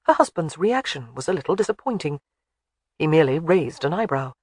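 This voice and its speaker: Expressive audiobook narrator. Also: mid-range voice, fairly quick, no room sound, studio quality. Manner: expressive storytelling. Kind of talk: scripted narration of a historical romance.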